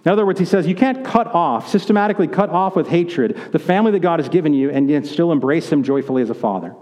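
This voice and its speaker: A man's voice: fairly high pitch, lively intonation, fast talker, darkish tone. A man preaching a sermon as pastor, conversational and joking, in a church sanctuary. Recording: echoey hall.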